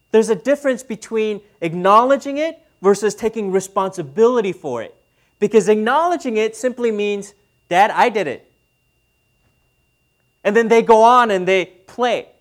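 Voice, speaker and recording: A man in his thirties preaching a sermon as pastor, speaking conversationally and asking the audience questions. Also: high voice.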